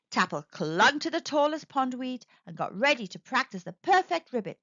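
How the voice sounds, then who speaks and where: Animated woman reading a children's story. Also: sits high, moderate pace, few pauses, no echo. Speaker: storybook reader. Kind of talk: children's read-aloud narration. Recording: dry, slightly dull recording.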